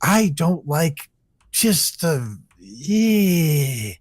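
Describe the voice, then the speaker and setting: Brief: lively, foul-mouthed man riffing on wrestling promos, dry close sound. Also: fairly high pitch, very slow, no room sound. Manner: profane, animated, acts out wrestlers' lines. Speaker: co-host. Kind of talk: casual wrestling podcast chat.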